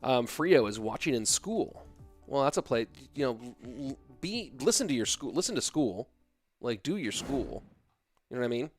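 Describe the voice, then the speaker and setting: A man's voice: mid-range voice, big pitch swings, moderate pace. Sleepy man casting a stream, music behind. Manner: tired, chatty, reads chat aloud. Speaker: esports caster. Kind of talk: casual live-stream commentary.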